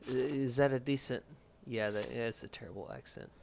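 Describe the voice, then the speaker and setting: A man's voice: mid-range voice, expressive, a little fast, creaky, a little hiss or hum. A man giving loose let's play commentary while playing a game, rambling, joking and swearing casually. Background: video game music.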